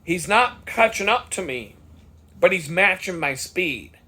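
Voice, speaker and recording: A man's voice: sits high, expressive, a little slow, bright, forceful tone, husky. A man vlogger telling a story in a casual monologue, worked up and swearing freely.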